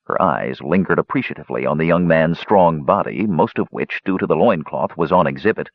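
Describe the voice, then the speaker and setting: Male audiobook narrator, husky and lively delivery, dry lo-fi sound. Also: rumbling low, brisk, no echo. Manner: expressive storytelling. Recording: dull lo-fi recording.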